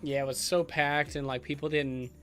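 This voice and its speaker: Animated man retelling stories, laughing. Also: a little high, normal speed, clear, resonant tone, faint music behind. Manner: animated storyteller, laughs a lot. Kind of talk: casual chat.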